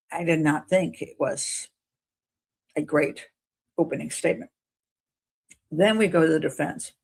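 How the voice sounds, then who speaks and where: A woman hosts a casual commentary on a courtroom trial, her voice gravelly with a husky edge. She talks in an animated way and acts out what the lawyers said. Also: on the low side. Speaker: host.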